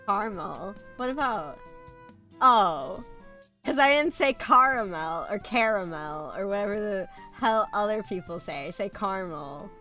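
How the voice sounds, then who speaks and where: Woman, light American country accent, sick, coughing, casual stream chat, unhurried, soft music behind. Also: medium pitch, animated. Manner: chatty, laughs often, blunt.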